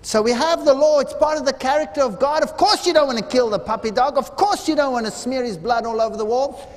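A man's voice: very high voice, quick pace. A man preaching a seminar sermon, telling parables with dramatic voices for the people in them. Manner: dramatic storytelling, acts out quoted voices. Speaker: seminar speaker. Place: large hall. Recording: reverberant hall.

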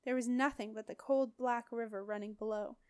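A woman narrates a fantasy audiobook with expressive, dramatic storytelling. Her voice sits slightly high. The recording is close and dry, with no reverb. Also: a little fast, clean tone. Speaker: audiobook reader.

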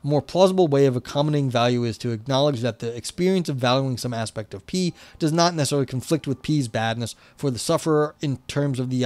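A man with a New York accent hosts a livestream. He moves between reading dense academic text aloud and loose, filler-heavy chat with his viewers. His voice sits at an ordinary middle pitch, recorded dry and close. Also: darkish tone, dry recording. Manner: reads academic text then chats loosely with many fillers. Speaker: livestream host reading a paper.

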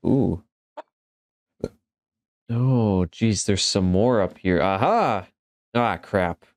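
A man's voice: on the low side, extremely slow, dry recording. A man giving casual let's-play commentary, joking and exclaiming as he talks back to the game. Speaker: gaming commentator.

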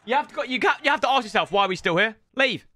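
Guy streaming, ranty and fed up, sharp bright voice. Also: extremely high pitch, expressive, very fast, no room sound. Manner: exasperated, ranting. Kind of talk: live gameplay streaming commentary.

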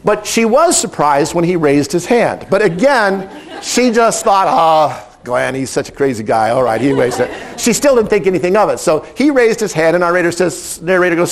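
A middle-aged man who directs animal training, telling a story in a lively, animated way and acting out the quotes. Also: a little high, moderate pace. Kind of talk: storytelling talk.

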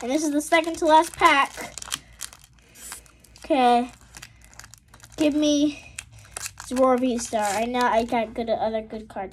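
A woman with a high voice talks slowly through a card unboxing. She reads each card name aloud in a list and breaks into excited exclamations at the good pulls. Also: slight background noise. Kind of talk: casual unboxing commentary.

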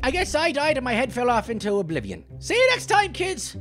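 A man voicing a clumsy, short-tempered male leprechaun with a put-on Irish accent, giving boastful, shouty commentary on a game. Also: very high-pitched, huge pitch swings, brisk, faint music behind, exaggerated voice. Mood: excitable. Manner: giddy, boastful, shouty taunting. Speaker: gameplay commentator.

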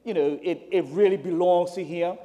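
A man's voice: sits high, normal speed, dark tone. A man in a church Bible class, talking conversationally and explaining his point through a personal example. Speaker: class participant. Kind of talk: church Bible lesson discussion. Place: church sanctuary.

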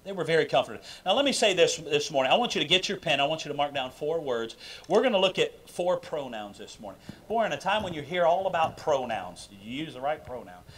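A man preaching a sermon in a church sanctuary, emphatic and full of questions to the congregation, swinging between loud bursts and quiet asides. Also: on the high side, sing-song, brisk, breathy edge. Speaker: pastor. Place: church sanctuary during a live service.

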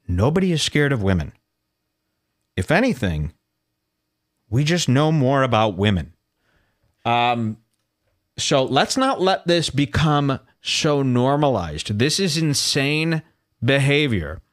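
Male podcast host, solo rant, lively swinging pitch, incredulous. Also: slow pace, pauses often. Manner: animated, incredulous ranting, reading posts aloud. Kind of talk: solo commentary show.

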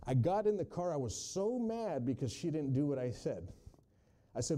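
Guy preaching a sermon, voice kinda high but super dark and mellow, drops quiet then booms out quotes. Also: big pitch swings, moderate pace. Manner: testimony-driven, swings from hushed to loud emphatic quotes.

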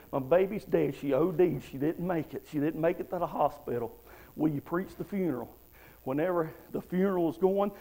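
A man's voice: high-pitched, creaky, darkish tone, low-quality recording. A man preaching a fervent revival sermon in a church, punctuated with frequent amens. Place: church sanctuary.

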